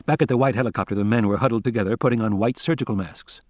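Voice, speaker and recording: A man reading an audiobook as narrator in steady, even storytelling. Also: on the low side, rapid-fire, no room sound, clean studio sound. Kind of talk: scripted narration.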